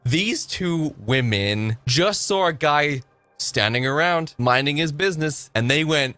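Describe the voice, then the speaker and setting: A man running a live stream, reacting with sarcastic, swearing rants. His voice is fairly high and bright, swinging widely up and down as he mocks and jokes. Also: unhurried, no room sound. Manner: sarcastic, sweary, lively ranting. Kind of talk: reaction commentary.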